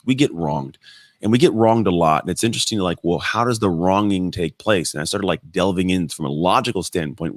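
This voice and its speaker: A man in his thirties talks as a podcast guest, with a very low voice. He tells his stories in a lively, blunt way and swears now and then. The sound is dry and close. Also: no echo. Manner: animated, blunt, swears casually. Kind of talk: casual storytelling in conversation.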